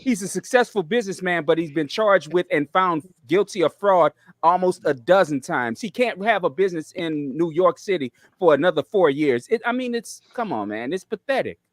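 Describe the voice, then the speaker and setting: A man's voice: fairly high pitch, expressive, normal speed, few pauses, no echo. A man co-hosting a podcast, ranting heatedly through a casual discussion. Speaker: podcast co-host. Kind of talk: casual chat.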